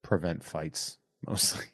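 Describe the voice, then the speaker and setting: A man's voice: slow pace, no room sound, studio quality. A middle-aged man hosting a podcast in casual chat, telling rambling stories that start over and wander. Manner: rambling, self-interrupting storyteller. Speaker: podcast host.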